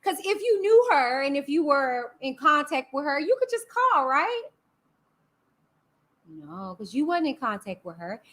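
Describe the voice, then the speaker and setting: A woman's voice: sits high, big pitch swings, measured pace, fairly bright tone. A woman hosting a casual live-stream commentary, sassy and chatty, talking back to her chat. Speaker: YouTube host.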